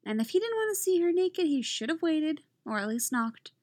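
A woman narrating a story aloud in a calm, even reading voice. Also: high voice, moderate pace, no echo. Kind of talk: reading fan fiction aloud.

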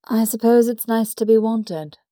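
A woman voicing a brisk, formal English agent who speaks politely and directly. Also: a little high, warm tone, no room sound, clean studio sound, voice pushed up, lightly acted. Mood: guarded.

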